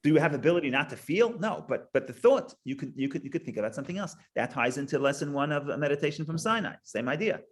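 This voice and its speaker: A man's voice: on the high side, animated, fast talker, hardly any pauses. A middle-aged man teaching a Torah class in a casual, conversational way, restarting phrases and telling a joke. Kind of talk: casual lecture with stories and a joke.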